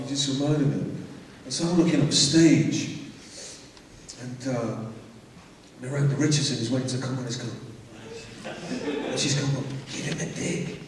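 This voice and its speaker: A man, an actor on a convention panel, telling a stage story in a rambling, hesitant way. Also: mid-range voice. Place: large convention hall. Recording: echoey hall recorded from far off.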